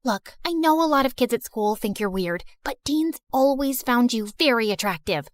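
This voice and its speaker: A woman's voice: a little high, lively intonation, moderate pace, no room sound, studio quality, close to an everyday voice. A woman voicing a scheming popular teen girl. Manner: urgent, persuasive.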